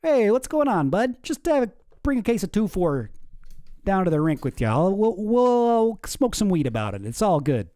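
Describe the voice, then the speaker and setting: A man's voice: high-pitched, very animated, normal speed, mellow, dry recording, studio quality, voice pushed up. A man voicing a laid-back rural Canadian male AI buddy, drawling and full of slang. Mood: soothing.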